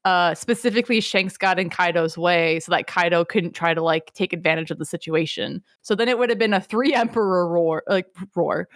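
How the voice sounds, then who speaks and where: A young woman co-hosting a podcast, recapping a story in an animated, rambling casual chat. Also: on the low side, fairly quick, few pauses, no echo, clean studio sound. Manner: animated, rambling, lots of fillers. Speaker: podcast co-host.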